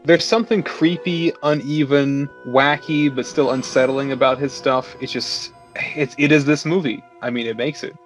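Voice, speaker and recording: A man's voice: medium pitch, moderate pace, faint music behind. A man co-hosting a casual film review chat over beers, talking in a loose, easygoing way. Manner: relaxed, talks with many "like" fillers. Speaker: podcast co-host.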